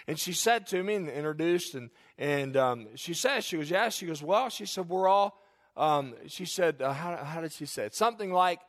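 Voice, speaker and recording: A man's voice: on the high side, expressive, normal speed. A middle-aged male pastor preaching a sermon earnestly, with folksy asides and frequent restarts. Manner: folksy, joking asides to the congregation.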